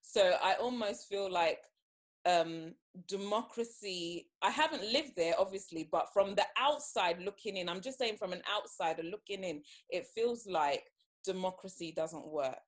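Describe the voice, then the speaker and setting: A woman's voice: mid-range voice, unhurried. A woman hosting a casual podcast chat, speaking carefully and hesitantly, often restarting her sentences. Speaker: podcast host.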